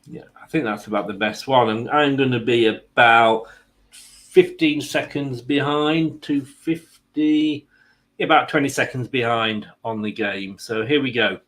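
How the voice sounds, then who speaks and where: A man's voice: medium pitch, steady tone, measured pace, fairly bright tone. A man hosting a football watchalong stream, mixing live match commentary with rambling, self-mocking jokes.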